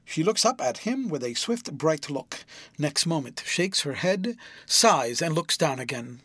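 A man narrating a classic novel in an expressive storytelling manner. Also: fairly high pitch, a little slow, husky, no echo. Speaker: audiobook narrator.

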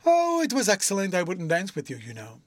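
A man's voice: wildly swooping pitch, fairly quick, dry recording. A man doing a pouting childish schoolgirl. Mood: girlish, playful. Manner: lilting, girlish, with sudden high bursts. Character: sweet childish young schoolgirl, pouting and playful.

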